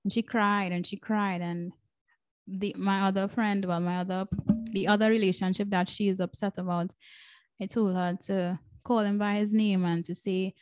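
A woman's voice: medium pitch, little pitch movement, normal speed, darkish tone, clear, resonant tone, no echo. A woman hosting a podcast as a breathwork coach, telling a personal story in an earnest, emotional way and repeating phrases for emphasis.

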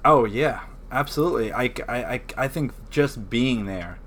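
A man working as a high school campus minister, chatting on a podcast in a halting way with many fillers. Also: expressive, a bit bright. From New York area. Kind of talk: casual podcast chat.

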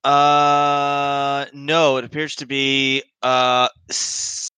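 A man narrating a tabletop horror game as game master, halting often with fillers as he describes scenes. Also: medium pitch, monotone, pushed and bright, clean tone, no room sound. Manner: hesitant, halting with many fillers.

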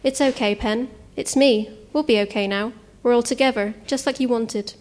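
A woman reading a story voices a wild, bearded hermit man who coos and hushes in a dry, cracked voice. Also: fairly high pitch, steady tone, moderate pace, close to an everyday voice. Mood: crooning. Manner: soothing in a creepy way, hushing.

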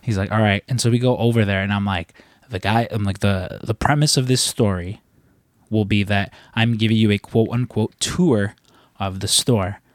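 A man's voice: lowish voice, fairly even intonation, moderate pace, dry recording, clean studio sound. A young man hosting a podcast, telling a rambling story with lots of fillers, restarts and casual swearing. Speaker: podcast host.

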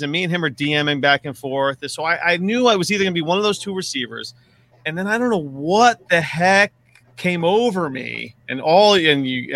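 Rambling, animated fantasy football host. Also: male voice, a little high. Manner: rambling, self-deprecating, lots of restarts and swearing. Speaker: podcast host. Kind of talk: casual fantasy football chat.

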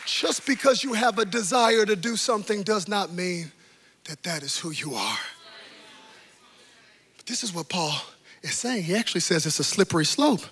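A man preaching a sermon as pastor, moving between hushed lines and near-shouting. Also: high voice, animated, brisk, slightly rough. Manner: impassioned, swings from hushed to shouting.

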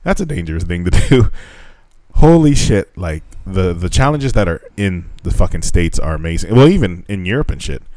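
At a normal speed and with no echo, a podcast co-host based in Japan chats casually, cursing constantly and rambling while restarting his sentences. When a story gets him excited, he turns animated and his pitch shoots up.

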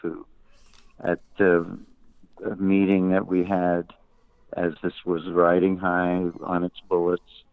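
A man's voice: low-pitched, completely flat delivery, takes it slowly, pauses often, clear, resonant tone, dry recording. An older man, a musician and guest, telling wry anecdotes in an interview. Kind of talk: interview storytelling. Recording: tinny dry phone-like line.

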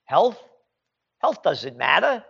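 A man's voice: a little high, very animated, takes it slowly, gravelly, bright, forceful tone, slightly rough, dull audio. A male commentary host ranting sarcastically and mockingly at the news he reads out.

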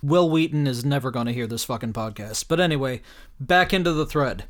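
A man hosting a solo podcast, reading out his own tweets in an animated, joking way, with bursts of mock outrage and casual swearing. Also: medium pitch, brisk. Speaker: podcast host.

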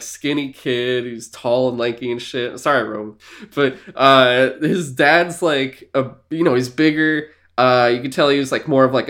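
A young man co-hosting a podcast in casual chat. He tells animated stories, laughing often and swearing freely. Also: mid-range voice. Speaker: podcast co-host.

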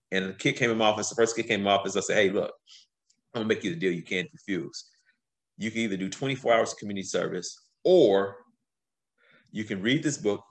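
A middle-aged man with a somewhat low voice tells stories as a podcast guest. He talks casually and with a lot of energy, swearing freely and acting out what other people said. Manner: animated, swears freely, acts out quotes. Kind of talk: casual storytelling.

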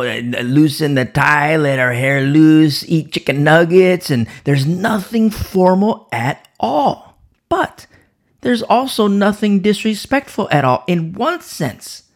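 A man teaching the Bible informally from the pulpit, with a sore throat and frequent restarts and repeated words. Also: fairly high pitch. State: sore throat, pausing to sip coffee. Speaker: preacher.

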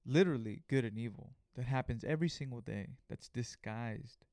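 Young male podcast host, loose profane storyteller, mid pitch, dry close sound. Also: normal speed, no room sound. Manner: profane, animated retelling with acted-out quotes. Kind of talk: casual storytelling monologue.

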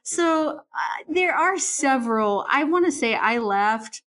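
A woman's voice: high-pitched, slow. Chatty woman telling stories with laughs. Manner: animated storyteller, laughs often. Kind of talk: casual book discussion.

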